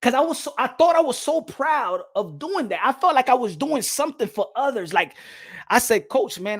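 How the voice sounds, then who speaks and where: Male host, emphatic storyteller who bursts into loud acted-out quotes. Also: very high-pitched, expressive, normal speed. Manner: emphatic, repeats phrases, acts out quotes loudly. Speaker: boxing podcast host. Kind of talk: animated storytelling.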